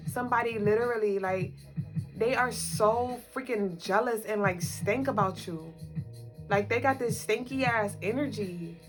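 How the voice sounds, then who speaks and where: A woman co-hosting a spiritual livestream in a casual, repetitive, emphatic way, talking straight to her viewers. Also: medium pitch. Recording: music playing behind the voice.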